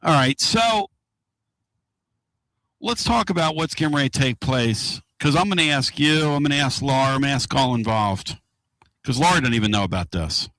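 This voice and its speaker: Male radio host, excitable, rambling, middle pitch, dry close sound, talking from a car. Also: moderate pace, no room sound. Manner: excitable, rambling and loud-mouthed. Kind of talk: casual radio talk. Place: inside a moving car.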